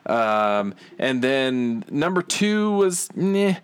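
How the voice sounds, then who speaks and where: Podcast co-host, male, rambling and relaxed, lively pitch, dry close sound. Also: extremely slow, clear, resonant tone, dry recording. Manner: rambling, easygoing. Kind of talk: casual podcast chat.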